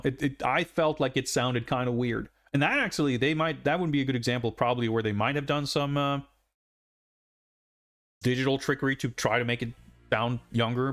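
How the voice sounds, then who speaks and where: Man, live streamer, casual rambling commentary, middle pitch, faint music behind. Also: fairly bright tone. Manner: rambling, many fillers and asides. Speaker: streamer playing a game.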